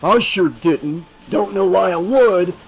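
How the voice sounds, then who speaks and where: A man's voice: high voice, slow, soft background music, pitched above the performer's own voice, low-quality recording. Man doing a snarling teenage bully. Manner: harsh, barking, snarling. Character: menacing bullying teenage boy.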